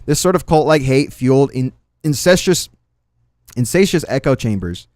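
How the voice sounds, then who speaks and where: A man's voice: medium pitch, animated, moderate pace, a little mellow, no room sound. Sarcastic male streamer, dry close mic. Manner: sarcastic, swears freely, trails off into mutters. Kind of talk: livestream commentary reading chat and posts.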